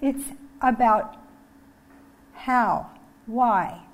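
A woman's voice: a little high, extremely slow, dull audio. A woman giving a sermon on generosity, earnest and emphatic, reading scripture passages from slides. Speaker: preacher.

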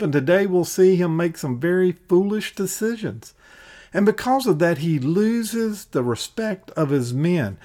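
A man's voice: on the high side, a little mellow. A man teaching a Bible-study podcast, retelling and reading scripture in a plain conversational way.

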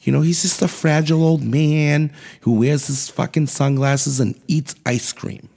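A man putting on a high, simpering voice to mock a liberal media commentator. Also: steady tone, a little slow, vocal fry, a little mellow. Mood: mocking whine. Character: whiny mocking liberal media voice.

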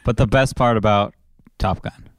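A young man co-hosting a casual podcast, dropping wry quick asides. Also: fairly low pitch, steady tone, dry recording. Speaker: podcast co-host. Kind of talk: casual chat.

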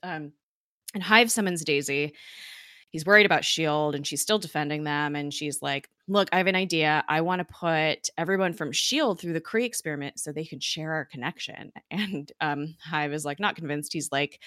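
A woman's voice: low-pitched, moderate pace, fairly bright tone, dry recording, studio quality. A woman recapping a TV episode in casual chat, talking in a chatty, filler-heavy way and laughing often, recorded at home. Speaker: podcast co-host recapping a TV episode. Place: home office.

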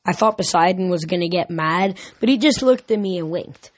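A man's voice: sits high, moderate pace, dry recording. A man reading a novel aloud casually, with small slips and restarts. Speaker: audiobook reader. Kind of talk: amateur audiobook reading.

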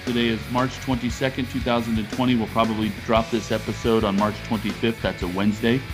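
A man's voice: on the low side, flat delivery, quick pace, music in the background. A man hosting a podcast from his living room, chatting casually in loose, rambling sentences. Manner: rambling, talks in loose restarts. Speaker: podcast host.

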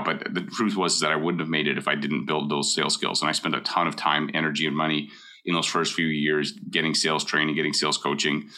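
A man's voice: extremely low pitch, pushed and bright. A middle-aged man from Canada, a mortgage broker giving blunt, emphatic advice in a casual talk and hammering home his points.

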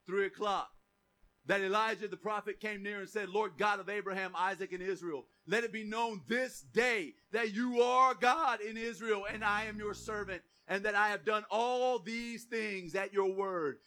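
Bright, high-voiced man preaching. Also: normal speed. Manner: conversational, keeps asking the congregation for responses; rises to loud, emphatic proclamation. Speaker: pastor. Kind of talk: sermon with scripture reading.

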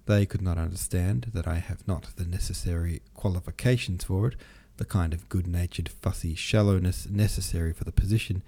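A man's voice: sits low, a little fast, vocal fry, hardly any pauses, warm tone. A man reading the part of a brooding, bitter young nobleman who argues in a gloomy, cutting way.

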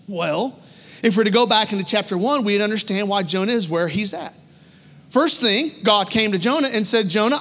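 A man's voice: very high voice, bright, forceful tone. A man preaching a sermon as pastor, emphatic and repetitive, acting out voices from the story. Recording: long hall reverb.

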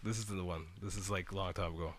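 A young man telling a slang-heavy story in an animated way during a casual chat. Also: deep voice, fast talker.

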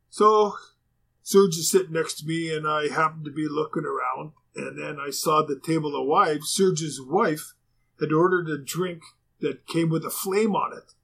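A man's voice: on the high side, creaky, fairly bright tone, breathy edge. A man, a former pro hockey player, telling a casual rambling anecdote with fillers and restarts.

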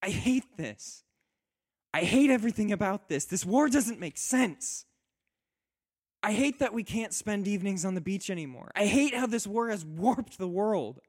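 A man's voice: medium pitch, lively intonation, unhurried, pitched above the performer's own voice, lightly acted. A man voicing a spirited young woman warrior who teases her husband and pleads with him in tears. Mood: anguished. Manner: teasing, then tearful and earnest.

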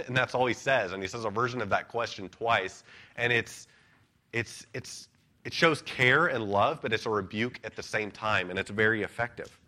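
Bright-voiced man preaching a sermon. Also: on the low side. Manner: earnest, measured expository preaching with frequent "uh". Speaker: pastor.

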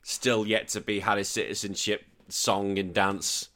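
A man from northwest England, speaking with a Northwest English accent, hosts a podcast in a casual, rambling, sweary style. His voice is on the low side, a bit bright, fairly flat in pitch, and unhurried.

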